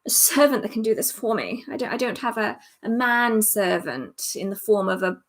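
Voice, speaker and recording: A young English woman hosting a casual livestream Q&A, chatty and self-deprecating, laughing often, filmed under bright lights at home. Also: on the high side, lively intonation, normal speed. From England. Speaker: witchcraft livestream host.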